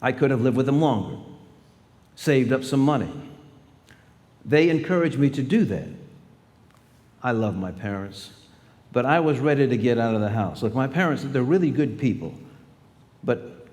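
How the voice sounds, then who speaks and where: An older man in his sixties gives a storytelling speech to students and acts out the voices of people in his stories. His delivery is lively and animated, with a mid-range voice. It is recorded in a large school hall with a long, trailing reverb. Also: mid-range voice, normal speed, pauses often. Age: 60s. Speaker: guest speaker.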